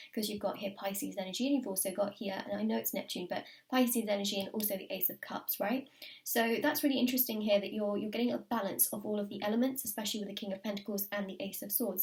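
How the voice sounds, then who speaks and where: A woman's voice: medium pitch, darkish tone. A woman with a British accent giving a tarot reading, enthusiastic and repeating words for emphasis. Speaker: tarot reader.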